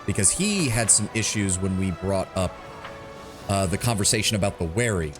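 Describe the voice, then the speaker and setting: A man's voice: deep voice, expressive, normal speed, music in the background. A man streaming a video game, talking in casual, playful asides. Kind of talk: gaming commentary.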